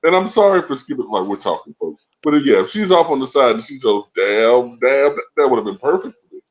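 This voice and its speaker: A man co-hosting a casual movie-review podcast, laid-back and quick to laugh. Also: medium pitch, very animated. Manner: laid-back, laughs often, says "bro". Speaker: podcast co-host. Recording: dull lo-fi sound.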